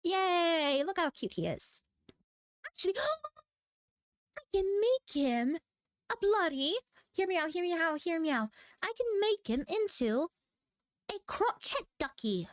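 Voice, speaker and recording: A manga artist chats while drawing on stream, rambling, playful, and scatterbrained, giggling, poking fun at herself, and letting out squeaky exclamations. She speaks slowly with big pitch swings and long pauses into a home desk microphone, with studio-quality sound and no room echo.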